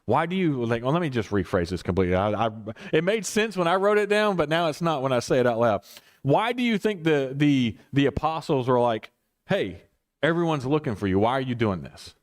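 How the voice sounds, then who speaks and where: A man's voice: on the high side, big pitch swings, brisk. A man leading a casual Bible study as pastor, rambling and correcting himself with chuckling asides.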